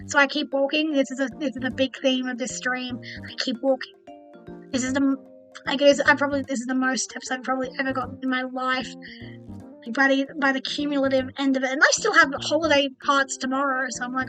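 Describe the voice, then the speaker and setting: A woman's voice: sits high, fairly even intonation, brisk, pushed and bright, faint music behind, poor audio. A young woman streaming as a VTuber, telling a rambling story and acting out her own thoughts as quoted asides.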